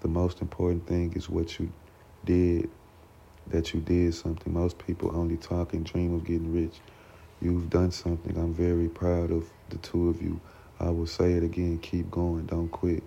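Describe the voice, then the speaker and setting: A man reading the lines of a gentle, encouraging schoolteacher father in his own deep, gravelly voice, on a dull lo-fi recording. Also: monotone, normal speed. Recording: dull lo-fi recording with faint noise.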